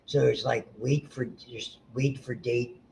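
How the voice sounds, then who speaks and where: A man's voice: mid-range voice, fairly even intonation, takes it slowly, vocal fry, a little mellow, a little hiss or hum, rough recording. A man around seventy giving a casual, rambling biology lecture to students, full of asides and restarts. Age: about 70.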